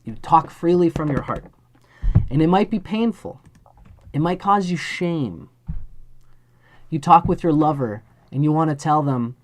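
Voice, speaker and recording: A man's voice: fairly high pitch, lively intonation, measured pace, long pauses. Earnest male astrologer giving a reading. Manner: earnest, speaks straight to the listener, acts out little scenes. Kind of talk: live-stream chart reading.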